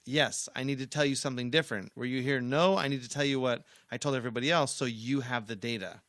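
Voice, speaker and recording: A man's voice: mid-range voice, fast talker, fairly bright tone, no room sound, clean studio sound. A man co-hosting a podcast, telling a long story in a rambling, casual way. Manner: storytelling, rambling and talking over his co-host. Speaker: podcast co-host; workshop trainer. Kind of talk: casual chat.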